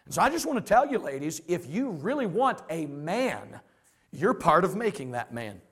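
An animated male pastor preaches in a high, lively voice that climbs and dips a lot. He is folksy and plain-spoken and keeps slipping into voices to act out the people he describes. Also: moderate pace, breathy edge. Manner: animated, acts out quoted voices. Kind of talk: sermon.

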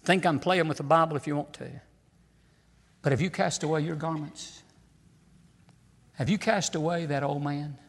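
A man preaching a fiery sermon in a church, shouting some phrases and dropping to near-whispers on others. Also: a little high, steady tone, moderate pace, long pauses. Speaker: pastor. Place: church sanctuary. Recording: long hall reverb.

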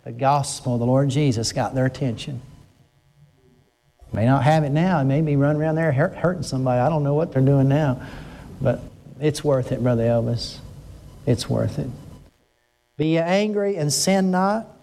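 A man's voice: steady tone, moderate pace, gravelly, pauses often, warm tone. An older man, preaching a sermon in an emotional, earnest way and breaking off to restart his sentences often. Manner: emotional, rising pitch when stirred, frequent restarts. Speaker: pastor.

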